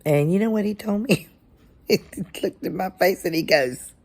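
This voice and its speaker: A woman's voice: fairly low pitch, unhurried, pauses often, a little mellow. A woman, a substitute teacher, casually telling a story from her classroom and acting out what she and a child said.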